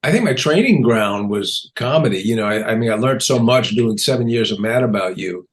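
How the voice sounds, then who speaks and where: A man's voice: on the low side, lively intonation, brisk. A man in his sixties, a comedian guest in an interview, telling anecdotes animatedly, acting out quotes and often laughing. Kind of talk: casual interview storytelling.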